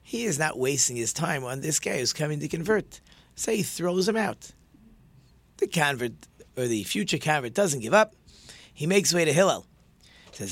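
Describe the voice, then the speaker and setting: A man teaching a religious lesson through stories, animated and acting out the dialogue with lively shifts in pitch. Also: normal speed, long pauses, no echo. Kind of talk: storytelling lesson.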